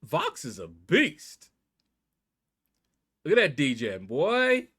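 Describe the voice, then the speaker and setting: A man hosting his gaming channel, talking viewers through his matches in a chatty, excitable way. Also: mid-range voice, slow, slightly rough. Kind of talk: mobile game commentary.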